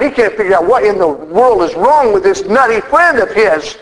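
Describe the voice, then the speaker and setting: A man's voice: high voice, animated, brisk, hardly any pauses, low-quality recording. A man preaching a sermon as the church's minister, folksy and joking.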